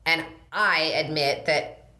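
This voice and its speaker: Bright, low-voiced Californian woman. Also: slow pace. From Northern California. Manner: animated storyteller, says "like" constantly, bursts into high excited exclamations. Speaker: podcast guest. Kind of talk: casual interview chat.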